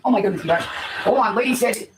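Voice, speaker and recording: A middle-aged woman on a casual livestream, loud, laughing often, slangy and swearing freely. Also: medium pitch, lively intonation, fast talker. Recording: noisy phone livestream recording.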